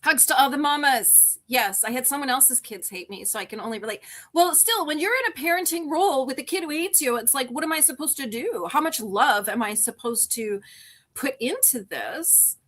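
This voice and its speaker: A woman's voice: high-pitched, expressive, normal speed, fairly bright tone. Candid middle-aged woman, rambling. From Canada. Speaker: live-stream host. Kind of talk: casual live-stream chat.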